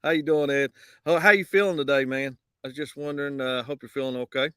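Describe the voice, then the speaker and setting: A man's voice: mid-range voice, fairly even intonation, fast, bright, forceful tone, clean tone, no echo, studio quality. A man hosting a casual live morning show outdoors, easygoing and drawling his greetings to viewers. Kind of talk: casual live-stream chat. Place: outdoors on a windy day. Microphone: basic mic, no wind cancelling.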